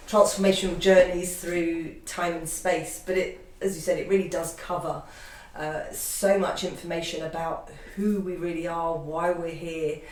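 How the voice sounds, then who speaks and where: A woman's voice: fairly low pitch, a little mellow, a little hiss or hum. Casual irish lady explaining things thoughtfully, sounds far from the mic in an echoey room. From Ireland. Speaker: guest, past life therapist and author. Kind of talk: casual conversation.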